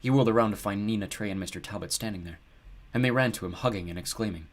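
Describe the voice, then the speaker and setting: A man narrating an audiobook in a steady, measured storytelling voice. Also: on the low side.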